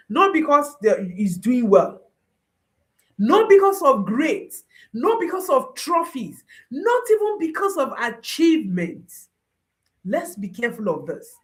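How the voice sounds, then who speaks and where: A woman's voice: high voice, very animated, unhurried, a bit bright. A woman parenting coach giving a motivational talk, emphatic and repeating her key phrases like refrains. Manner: rises and drops sharply for emphasis.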